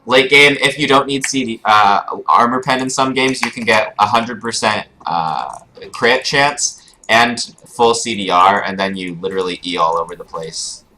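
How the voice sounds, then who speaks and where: A man's voice: lowish voice, moderate pace, bright, forceful tone, poor audio. A young man giving casual live commentary over his own gameplay as a streamer, explaining his choices with frequent fillers. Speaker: gaming streamer. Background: keyboard clicks and typing.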